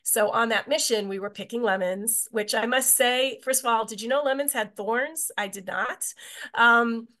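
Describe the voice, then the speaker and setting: Chatty woman, from Israel, slightly high voice, rambling webinar talk, video-call mic. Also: moderate pace, pushed and bright. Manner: chatty, meandering, many filler words. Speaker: tour guide giving a talk. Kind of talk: informal presentation on a video call.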